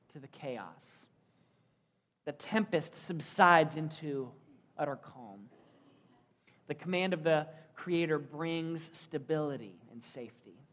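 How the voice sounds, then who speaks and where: A man preaching a sermon as pastor, earnest, telling the story and asking rhetorical questions. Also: on the high side.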